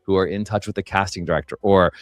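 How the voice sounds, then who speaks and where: Deep-voiced man hosting a podcast. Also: fairly even intonation, fast talker, no echo. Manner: affirming, reflective. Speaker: podcast host. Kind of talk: casual podcast conversation.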